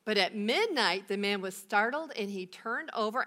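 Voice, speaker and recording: A woman's voice: mid-range voice, lively intonation, normal speed, pushed and bright. A woman pastor giving a sermon, telling a Bible story with rhetorical questions and emphatic repetition.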